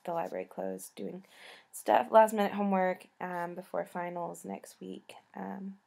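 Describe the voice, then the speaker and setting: A tired young woman with a slight Southern US accent, a college student rambling casually to the camera, often trailing off softly. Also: fairly low pitch, little pitch movement, a little slow, gravelly. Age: young adult.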